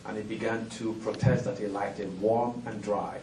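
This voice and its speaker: Brief: middle-aged man, low voice, playful storyteller, distant mic in an echoey hall. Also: little pitch movement, moderate pace, warm tone. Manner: chuckling, playful, self-deprecating. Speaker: author on a festival panel. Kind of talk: humorous storytelling to a live audience. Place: event hall with audience. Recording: roomy hall, distant mic, ambient noise.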